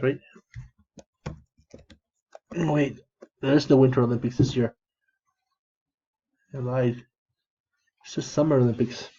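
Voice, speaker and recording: A man vlogging in a flat, downcast monotone, rambling and restarting his sentences often. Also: medium pitch. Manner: halting, many restarts and fillers. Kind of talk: rambling casual monologue. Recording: dull lo-fi recording.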